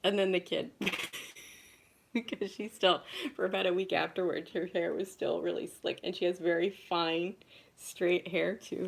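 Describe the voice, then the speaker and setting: A woman's voice: lowish voice, vocal fry. A woman hosting a casual live-stream chat at home alone, a rambling storyteller who keeps breaking into giggles.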